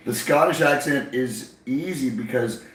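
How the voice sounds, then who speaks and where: A man's voice: medium pitch, a little slow, recorded from a distance. A man chatting playfully as a guest on a live show, joking and teasing in an empty theater. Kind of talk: casual live chat. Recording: echoey room with faint noise.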